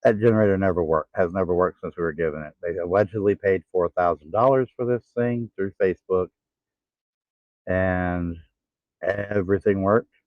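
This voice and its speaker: A man in his forties telling his own story in a halting, tired way, pausing to catch his breath. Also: low-pitched, steady tone, dry recording. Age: 40s. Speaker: vlogger. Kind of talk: casual personal vlog. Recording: tinny phone-like sound.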